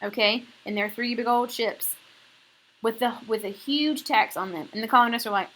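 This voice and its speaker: A woman teacher gives a recorded history lesson in a relaxed, slangy way. Her voice sits fairly high and sounds bright and forceful. She keeps checking in with her listeners with a quick "okay?". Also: low-quality recording. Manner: casual and slangy, often checking in with a tagged "okay?". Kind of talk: recorded classroom lecture.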